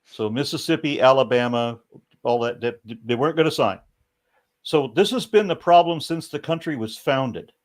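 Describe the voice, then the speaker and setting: A man's voice: medium pitch, expressive, moderate pace. An American man hosting a livestream panel, making earnest arguments in casual chat. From United States. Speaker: livestream host.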